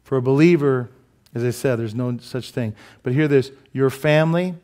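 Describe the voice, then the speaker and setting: A man preaching a sermon as pastor in a church, animated and joking, asking the congregation many questions. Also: mid-range voice, normal speed. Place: church sanctuary.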